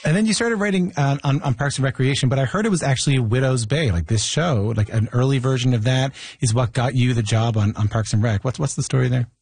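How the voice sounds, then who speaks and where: A man's voice: mid-range voice, quick pace, hardly any pauses, darkish tone, slightly rough, no room sound. A man hosting an interview, asking long, rambling, hedging questions. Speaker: interviewer host. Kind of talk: interview conversation.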